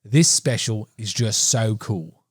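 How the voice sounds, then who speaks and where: A man's voice: fairly low pitch, slow pace, breathy edge, no echo, clean studio sound. A man co-hosting a movie podcast in casual chat, chatty and self-deprecating. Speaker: podcast co-host.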